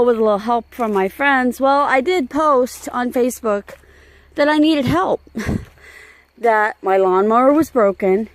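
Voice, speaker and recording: A woman talks slowly and plainly. She sounds frustrated and emotional as she walks her wooded land outdoors. Her voice sits a little high. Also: no room sound. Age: 50s. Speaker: homestead vlogger. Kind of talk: casual vlog talk.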